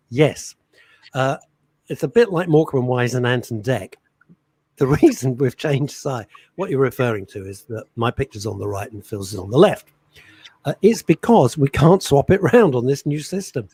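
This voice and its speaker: A middle-aged man co-hosting a radio show, chatting and teasing his partner in a joking, animated way. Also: medium pitch, breathy edge, no room sound. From England. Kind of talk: casual chat radio show.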